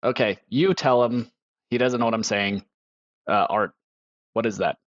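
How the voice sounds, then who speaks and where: A man's voice: lowish voice, normal speed. Casual man on a dull lo-fi mic. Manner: casual, hesitant, with fillers. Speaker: player. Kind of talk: casual tabletop play.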